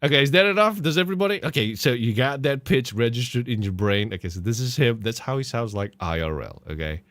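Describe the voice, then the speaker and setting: A man's voice: medium pitch, lively intonation, fast talker, fairly bright tone, a little hiss or hum. A man hosting a podcast, reacting to clips with mocking laughter and swearing. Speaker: podcast host. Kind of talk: casual commentary on clips.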